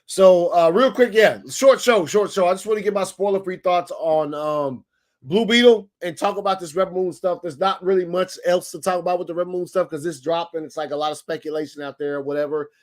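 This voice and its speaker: Excitable slangy man hosting a live stream. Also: high-pitched, a little fast. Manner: excitable, slangy, addresses chat directly. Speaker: host of a daily live stream show. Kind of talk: casual live stream chat.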